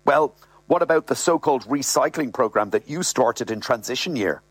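A man reading a comic first-person story in a wry, brisk way. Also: medium pitch, lively intonation, slightly rough, no echo. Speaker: reader.

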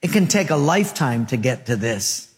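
A man's voice: medium pitch, very animated, moderate pace, long reverb tail. A male pastor preaching a sermon in a rhythmic, rhetorical style, mixing in humorous stories.

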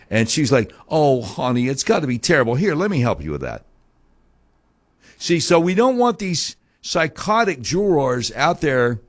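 A man hosting a talk show, delivering a heated, sarcastic opinion monologue full of mocking rhetorical questions. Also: mid-range voice.

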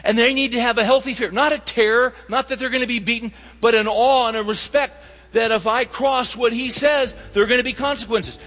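A man's voice: very high voice, steady tone, fairly quick, fairly bright tone. A man preaching a sermon, emphatic and asking the audience rhetorical questions. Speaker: pastor. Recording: reverberant hall sound.

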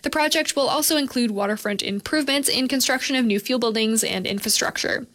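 A woman reading a local radio news report in a steady, clear newsreader manner. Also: fairly high pitch, fairly quick.

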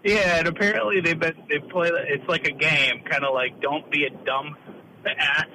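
A man calling into a sports radio show, rambling with laughs and halting starts. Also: fairly high pitch, steady tone, sharp tone, a little hiss or hum, low-quality recording. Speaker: caller. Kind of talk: casual call-in chat.

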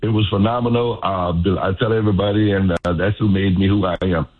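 Deep-voiced older man on a phone line. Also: a little fast. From Louisiana. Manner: animated storyteller, repeats phrases. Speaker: former pro football player, guest. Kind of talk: storytelling interview.

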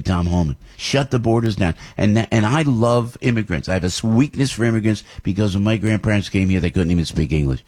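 A husky middle-aged radio host delivers an impassioned monologue. His voice sits a bit low, and he keeps pushing up into emphatic, near-shouted peaks. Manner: ranting, emphatic, rising to shouts. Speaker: radio talk show host. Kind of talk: opinion talk radio monologue.

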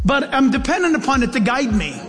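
High-voiced man preaching in a reverberant hall. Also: very animated, a little fast, a bit bright, soft background music. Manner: emphatic, conversational, self-deprecating asides. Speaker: pastor. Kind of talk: sermon.

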